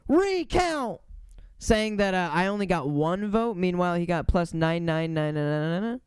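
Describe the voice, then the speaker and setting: A man's voice: sits high, normal speed, clean tone, no room sound, clean studio sound. A man streaming casually while reacting to a video, loose and self-mocking with frequent swearing.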